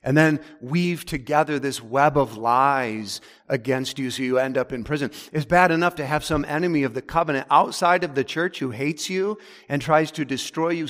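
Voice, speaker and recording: A man preaching a sermon as pastor, emphatic, dropping low and slow on key words. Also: a bit bright. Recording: long hall reverb.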